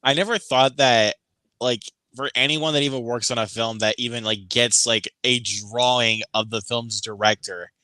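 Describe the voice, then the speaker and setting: A man's voice: mid-range voice, fairly even intonation, normal speed, bright, forceful tone, smooth, no echo. A man hosting a casual chat, laughing a lot and repeating words. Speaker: host.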